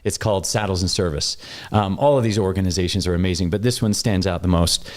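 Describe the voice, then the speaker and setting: A man from Wyoming telling a long story in casual conversation, animated and jumping up in pitch when he acts out what people said. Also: fast talker. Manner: animated, acts out quoted voices with big pitch jumps. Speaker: guest.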